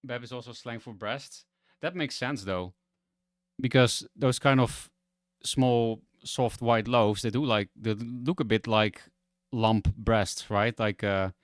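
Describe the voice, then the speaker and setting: A man's voice: mid-range voice, dry recording, clean studio sound. A man whose first language is Dutch, chatting frankly and rambling on a game stream. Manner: frank, rambling, restarts often. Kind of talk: casual stream chat.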